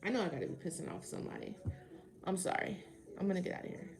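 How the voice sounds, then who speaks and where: A woman on a casual livestream tarot reading, her voice gravelly with fry. She answers chat commenters with sarcasm and swears freely between cards. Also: on the low side, big pitch swings, fast talker, a little mellow.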